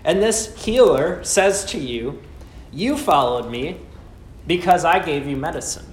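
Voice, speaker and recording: A man preaching a sermon, asking rhetorical questions and slowing down with dramatic pauses. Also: a little high, lively intonation. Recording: echoey room with faint ambience.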